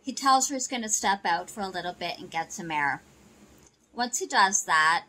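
A woman's voice: mid-range voice, animated, normal speed, bright, forceful tone, poor audio. A woman casually retelling a soap opera episode, chatty and loose with "you know" and "she goes". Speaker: soap opera recap narrator. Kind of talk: casual plot recap narration.

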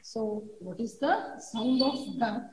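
A woman teaching a classroom lesson, reading a poem aloud and explaining each word slowly and repetitively to children. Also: fairly high pitch, darkish tone, a little hiss or hum. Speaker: schoolteacher. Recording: roomy echo.

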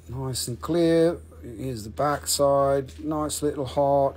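A man's voice: medium pitch, fairly even intonation, takes it slowly, a little mellow. Chatty man hosting a live crystal sale. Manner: chatty, swears casually, counts down sales. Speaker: host selling crystals on a live stream. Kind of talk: casual live sales stream.

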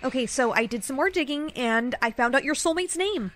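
A woman's voice: high-pitched, animated, fairly quick, fairly bright tone. A woman acting a fretful mother in a short comedy skit, fussy and worried. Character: fussy mother and catty school girl.

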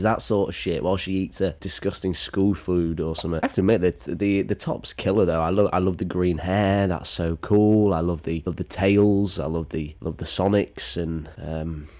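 Low-voiced man ranting sarcastically. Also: a little mellow. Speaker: reaction video host. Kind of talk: reaction commentary.

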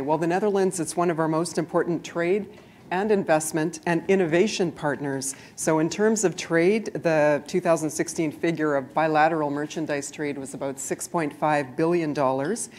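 A woman's voice: low-pitched, darkish tone. A woman diplomat giving an informative presentation at a trade forum.

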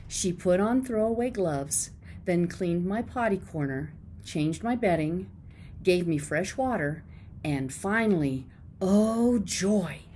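Woman teacher reading a kids' book aloud, slow and very expressive, with faint background noise. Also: fairly low pitch. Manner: expressive storytelling with voices. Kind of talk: children's book read-aloud.

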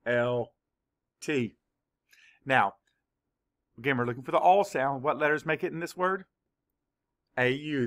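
A man teaching a spelling lesson to young children, dictating words slowly and clearly, sound by sound. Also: medium pitch, a bit bright. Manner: slow, clear word-by-word dictation.

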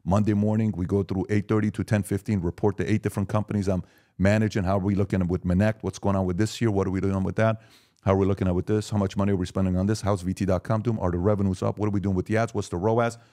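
Speaking at a quick pace in a low register, the man, in his forties, tells animated stories with plenty of emphasis while chatting casually as a podcast guest.

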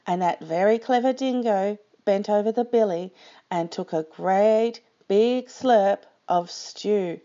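Woman storyteller, slow expressive picture-book reading, dull lo-fi sound. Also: mid-range voice.

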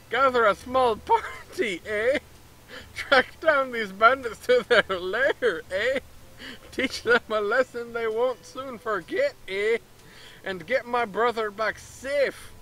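A man's voice: very high voice, slow pace, sharp tone, exaggerated voice, poor audio. A man voicing a scheming middle-aged merchant in a mock Canadian accent, reading game dialogue aloud with a hammy, conspiratorial manner. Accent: mock Canadian, tagging "eh" onto lines.

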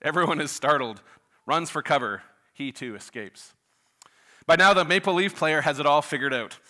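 A man's voice: on the high side, normal speed, bright, forceful tone. A man preaching to his church, folksy and chatty, with many filler uhs. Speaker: pastor. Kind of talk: sermon with a joke opener. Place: church sanctuary.

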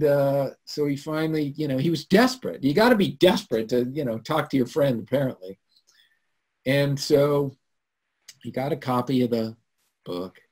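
A man hosting a live webinar, telling a story in an animated way that swings from loud to hushed. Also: fairly high pitch. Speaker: webinar host. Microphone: computer mic on a video call.

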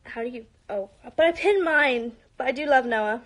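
A young woman with a British accent, born in Spain and raised in London, hosts a live-stream Q&A answering fans. Her high, animated voice at normal speed sounds bubbly and chatty, often dropping to a whisper for asides, and she holds her phone at arm's length.

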